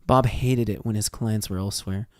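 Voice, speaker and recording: A man's voice: lowish voice, steady tone, moderate pace, a little mellow, dry recording, studio quality. An American man reading a fan fiction story aloud on a stream, swearing freely and stumbling over words as he reads. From United States.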